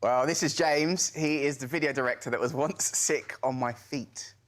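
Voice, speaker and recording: A man's voice: medium pitch, normal speed, noisy background. Male panel guest, earnest storyteller, mid-range voice. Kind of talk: comic panel show storytelling.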